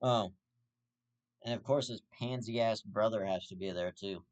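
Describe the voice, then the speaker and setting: A man with a lowish voice, speaking a little slowly, hosts his own commentary vlog. He rants heatedly, swearing heavily and restarting his sentences again and again.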